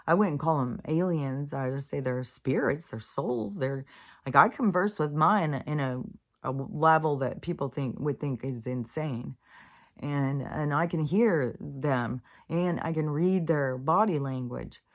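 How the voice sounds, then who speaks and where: Low-voiced woman rambling about spirituality. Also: unhurried. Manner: meandering, many fillers and restarts, frequent swearing. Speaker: spiritual vlogger. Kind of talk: rambling casual monologue.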